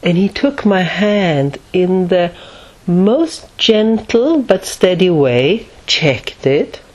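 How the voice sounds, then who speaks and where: A woman's voice: on the low side, husky. A woman teaching at a retreat, telling a personal story in a reflective way and often laughing at herself.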